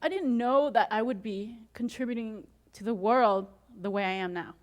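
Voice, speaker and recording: A woman giving an inspirational talk to an audience, telling her story with frequent laughter and acting out her own excited reactions. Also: on the high side, moderate pace. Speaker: motivational speaker.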